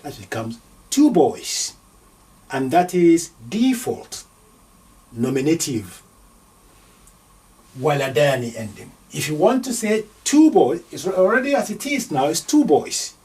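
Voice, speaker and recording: A man teaching an Arabic grammar lesson, slowly sounding out words syllable by syllable as he writes them. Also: fairly high pitch, sing-song, darkish tone, distant mic. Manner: slow, deliberate, sounding out syllables.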